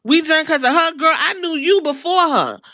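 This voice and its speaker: A woman doing a high, hurt wrestler. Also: normal speed, pushed and bright. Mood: hurt pleading. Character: hurt, defiant woman wrestler confessing a betrayal.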